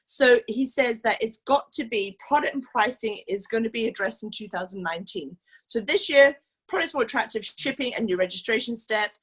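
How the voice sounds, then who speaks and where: A team leader's voice, high-ish, pushed, and bright with a breathy edge, drives a casual training session. She talks in an enthusiastic, chatty style loaded with fillers.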